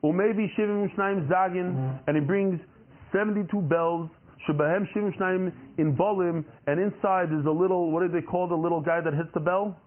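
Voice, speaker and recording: Guy teaching a talmud class, kinda high voice, keeps asking then answering himself, sounds like a phone line. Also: fairly even intonation, normal speed. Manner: explains by asking and answering his own questions. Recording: tinny phone-like recording.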